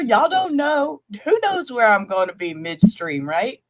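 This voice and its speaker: A woman's voice: mid-range voice, big pitch swings, unhurried. A woman hosting a late-night livestream, rambling and chatting straight to her viewers as she reviews a trial, swearing casually.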